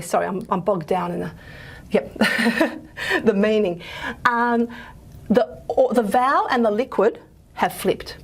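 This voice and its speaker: A woman lecturer, giving a linguistics lecture in a chatty way, often stopping to correct herself. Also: mid-range voice. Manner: chatty, self-correcting, many fillers. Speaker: university lecturer.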